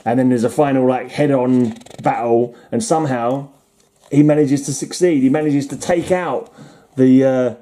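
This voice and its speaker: A man's voice: medium pitch, fairly even intonation, moderate pace, mellow. A man casually summarizing old comic stories, rambling with restarts and chuckles. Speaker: comic reviewer. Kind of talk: casual chat.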